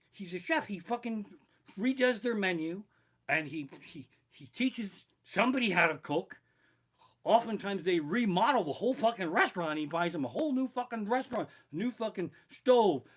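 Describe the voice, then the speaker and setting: Profane rambling comedian, bright and lively. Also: male voice, sits high. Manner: rambling, profane, reads from notes. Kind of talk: live-streamed storytelling stand-up. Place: living room. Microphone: barebones home streaming mic.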